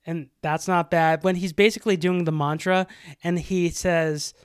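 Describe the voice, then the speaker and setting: A man's voice: a little high, normal speed, smooth, no echo, studio quality. A young man co-hosting a podcast, chatting casually and acting out quoted lines as he tells stories. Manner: animated storyteller, acts out quotes. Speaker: podcast co-host. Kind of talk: casual chat.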